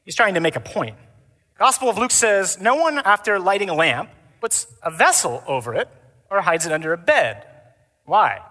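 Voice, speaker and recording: A priest from giving a lively sermon at a men's conference, switching between mock-solemn readings and energetic, joking delivery. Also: sits high, moderate pace. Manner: animated, theatrical, mimics stuffy readings for laughs. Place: large conference hall. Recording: live hall reverb.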